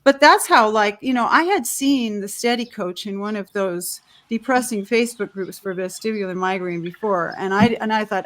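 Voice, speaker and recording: A woman's voice: mid-range voice, normal speed. A woman sharing her personal story on a panel over a video call, rambling and heartfelt, with frequent restarts.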